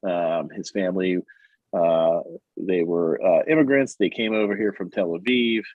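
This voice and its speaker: A low-voiced man on a podcast, animatedly retelling a comic plot and slipping into the characters' lines. The sound is dry and a little dull and muffled. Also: steady tone, normal speed, no room sound. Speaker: podcast co-host. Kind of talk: casual chat recapping a comic.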